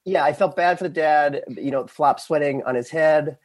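A man's voice: on the high side, moderate pace, no echo. A man co-hosting a casual podcast, talking hesitantly with many "um"s and restarts. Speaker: podcast co-host. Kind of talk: casual discussion.

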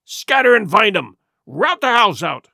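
A man's voice: big pitch swings, moderate pace, dry recording, studio quality, full character voice. A man doing a raging blind old pirate. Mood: furious. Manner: shouting commands in a high strained voice.

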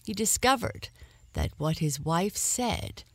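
A woman reading a children's story aloud in an expressive, animated way. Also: fairly low pitch, slow pace.

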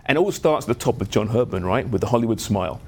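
A man's voice: on the low side, animated, fast talker, breathy edge. A man speaking as a soccer analyst on a studio sports panel, earnest and enthusiastic, often restarting his phrases.

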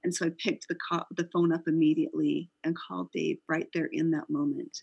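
Brief: middle-aged woman guest, low gravelly voice, earnest reflective storyteller. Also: little pitch movement, brisk, a little mellow, highs cut off. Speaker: guest, company founder. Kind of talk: storytelling interview.

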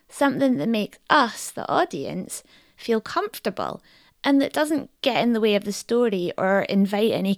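A woman's voice: on the high side, vocal fry, dry recording, studio quality. A woman hosting a podcast, giving scripted, explanatory narration. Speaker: podcast host.

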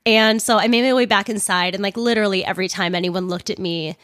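A woman's voice: mid-range voice, fairly even intonation, fast, fairly bright tone, no echo. Chatty young woman, dry close mic. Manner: chatty, candid, laughs often, swears casually. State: sore upper lip, talks without using it. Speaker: podcast host. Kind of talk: casual storytelling monologue.

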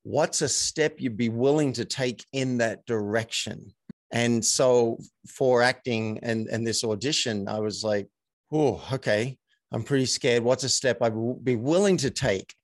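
A man, a coach and actor, telling stories as a podcast guest in a measured, reflective way. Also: mid-range voice, dry recording. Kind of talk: casual interview chat.

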